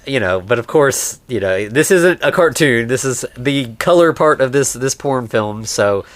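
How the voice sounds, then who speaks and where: A man casually retelling a movie plot on a podcast, slipping into the characters' voices as he goes. His pitch jumps around a lot, and the sound is dry and close. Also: animated, unhurried, no room sound. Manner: acts out characters' lines while retelling the plot. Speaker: podcast co-host.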